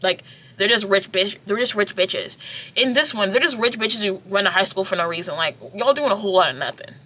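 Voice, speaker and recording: A woman's voice: medium pitch, brisk. A young woman vlogger chatting casually through a drama review, acting out scenes, swearing and saying "like" constantly. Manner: animated, acts out scenes, swears, heavy filler "like".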